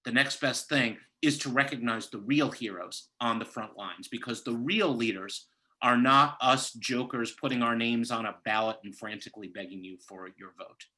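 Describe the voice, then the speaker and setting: A man's voice: medium pitch, moderate pace, sharp tone, rough recording. A man giving an impassioned political speech over a video call, rallying his audience with a repeated, building cadence. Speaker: candidate speaking at a party gala.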